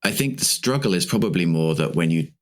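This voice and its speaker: A man answering as a winery guest in an interview, measured and explanatory. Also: sits low, lively intonation.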